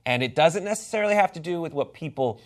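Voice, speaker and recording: A man giving thoughtful, measured analysis as a panelist on live election coverage. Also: on the high side, animated. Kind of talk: live political panel discussion.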